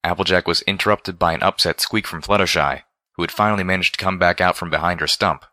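Male story reader, very low pitch, bright forward tone, steady storytelling. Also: quick pace, no room sound, clean studio sound. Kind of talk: fan fiction read aloud.

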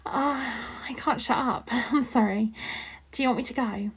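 A young woman in a whispered role-play, rambling and flustered, giggling and dropping into breathy whispers close to the microphone. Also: on the high side, normal speed. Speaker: audio role-play performer.

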